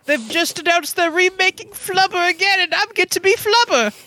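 A performer doing a high, excited impression of a young male actor, as a comic bit. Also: moderate pace. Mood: giddy.

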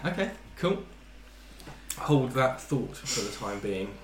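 A man's voice: medium pitch, lively intonation, takes it slowly. A man running a tabletop game as game master, narrating scenes with filler words and restarts. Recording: echoey room with background noise.

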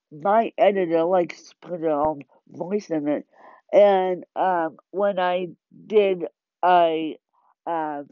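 Slow, rambling woman on a muffled recording. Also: on the low side, no echo. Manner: rambling, chatty, restarts and repeats herself. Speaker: self-published author. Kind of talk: casual monologue vlog.

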